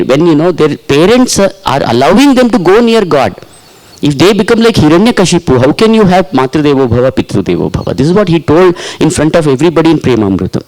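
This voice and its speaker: A man with an Indian English accent giving a workshop lecture to teachers, talking in an animated, sing-song way. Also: on the high side, poor audio. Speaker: teacher trainer.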